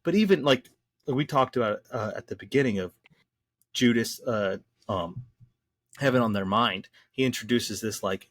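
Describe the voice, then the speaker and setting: A man in a casual podcast discussion, explaining things in a lively, slangy way with frequent restarts. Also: mid-range voice, moderate pace, no room sound. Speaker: podcast co-host discussing the Bible.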